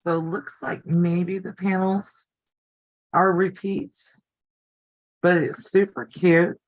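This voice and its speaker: Chatty older woman, slow and close. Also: fairly low pitch, level tone, no room sound, rough recording. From United States. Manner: chatty, rambling, easily delighted. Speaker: quilting channel host. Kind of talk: casual live-stream chat. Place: home craft room.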